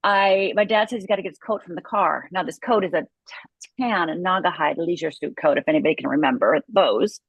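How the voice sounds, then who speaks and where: A woman's voice: fairly low pitch, fairly quick, vocal fry, husky, dry recording, poor audio. A middle-aged woman from Upper Michigan, a guest telling her life story with intense, vivid storytelling. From Upper Michigan, USA. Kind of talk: personal story in an interview.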